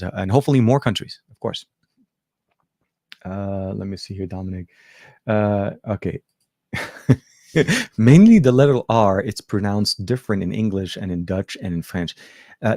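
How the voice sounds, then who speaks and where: A man's voice: lowish voice, darkish tone, no room sound, clean studio sound. Lebanese-born man chatting on livestream. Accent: American with faint Arabic trace. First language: Arabic. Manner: rambling, filler-heavy, self-correcting. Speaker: tech show host. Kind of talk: casual livestream chat.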